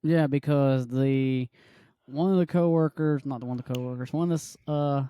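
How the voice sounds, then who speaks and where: A man co-hosting a casual movie review chat, excitable and acting out scenes with loud yelps. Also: mid-range voice, normal speed, clear, resonant tone, no room sound, muffled recording. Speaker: podcast co-host.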